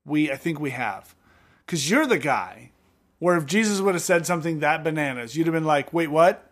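Guy hosting a bible podcast, kinda higher voice, does little voices for the people in the story. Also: moderate pace. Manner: animated storyteller acting out scenes. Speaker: podcast co-host. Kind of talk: casual Bible-reading podcast chat. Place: studio.

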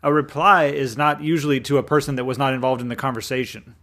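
This man has a mid-pitched voice and talks through a scripture passage in a relaxed, casual way. He reasons aloud and often restarts his sentences as he works out the meaning. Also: fast. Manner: thoughtful, reasons aloud over the wording with restarts.

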